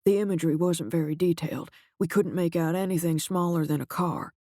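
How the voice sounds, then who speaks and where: A male narrator voicing a shaken agency director who speaks in a quiet, halting, grave way. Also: fairly high pitch, dry recording, studio quality, close to an everyday voice. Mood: grim.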